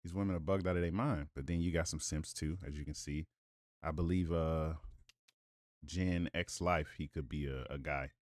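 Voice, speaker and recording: A man's voice: extremely low pitch, steady tone, normal speed, dry recording, clean studio sound. A man giving casual reaction commentary, reading viewer comments aloud with blunt, profane asides and rhetorical questions.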